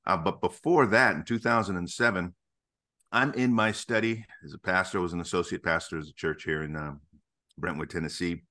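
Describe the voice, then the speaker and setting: A middle-aged ministry founder, interviewed as a podcast guest, speaks a little fast in a low voice. He tells his stories emphatically and with animated, preacherly conviction.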